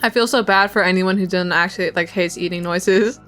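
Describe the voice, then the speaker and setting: A woman's voice: fairly low pitch, fairly even intonation, brisk, fairly bright tone, soft background music. A young woman streamer chatting casually with her viewers, rambling and giggly, talking while she eats.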